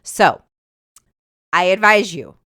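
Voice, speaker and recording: Middle-aged woman, solo podcast host, emphatic conversational delivery, slightly low, smooth voice, dry close sound. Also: slow, dry recording. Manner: emphatic, conversational, animated when retelling. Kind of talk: solo podcast advice talk. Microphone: earbuds with mic.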